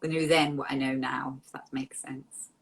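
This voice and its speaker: A woman, an interview guest telling personal stories in a heartfelt, emotional, animated way. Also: extremely low pitch, normal speed, gravelly, slight background noise, poor audio. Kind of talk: candid interview storytelling.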